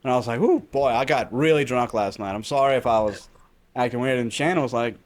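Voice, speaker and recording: A man's voice: medium pitch, brisk. A laid-back man co-hosting a podcast in casual chat, speaking frankly. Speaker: podcast co-host.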